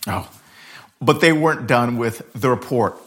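A man preaching a sermon as a pastor, telling scripture as a dramatic story and changing his pace and loudness often. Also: mid-range voice, a little slow.

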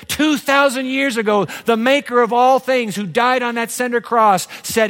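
A man preaching a sermon with dramatic swings from low murmurs to high exclamations. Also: moderate pace, a bit bright, big-room sound.

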